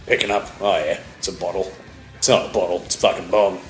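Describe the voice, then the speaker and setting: A man's voice: low-pitched, fairly even intonation, quick pace. A young man trading crude, sweary jokes in casual comedic banter. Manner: crude, joking, swears a lot. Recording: roomy with faint music.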